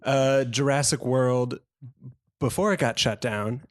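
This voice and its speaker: A man's voice: mid-range voice, slow. A man from Los Angeles, a guest on a casual podcast, talking in a dry and hesitant way. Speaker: podcast guest, writer's assistant. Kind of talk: casual chat.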